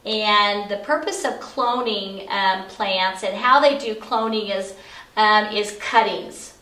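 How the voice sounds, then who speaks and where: A woman's voice: mid-range voice, slow pace, sharp tone. A middle-aged woman teaching about essential oils in a chatty, explanatory way, with frequent fillers, recorded in an office. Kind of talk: casual instructional talk. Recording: echoey room, far from mic.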